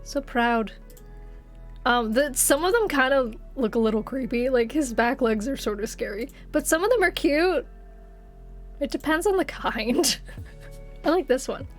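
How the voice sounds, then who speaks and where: Giggly high-voiced woman streamer. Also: unhurried, soft background music. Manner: giggly, easily excited, reads chat aloud. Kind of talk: casual chat stream. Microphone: desk microphone.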